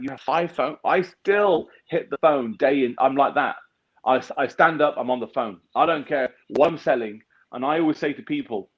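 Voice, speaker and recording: A man's voice: mid-range voice, a little fast. A man, a business founder giving a blunt, emphatic motivational talk as an interview guest, swearing freely. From United Kingdom. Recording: dull lo-fi sound.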